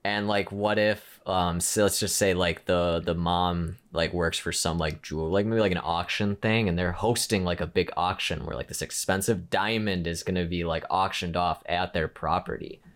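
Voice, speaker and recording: A man with a very low voice chats casually on a podcast. He rambles through his idea with many fillers and restarts, acting out little quoted voices along the way. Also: steady tone, moderate pace, hardly any pauses. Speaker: podcast co-host. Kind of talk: casual chat.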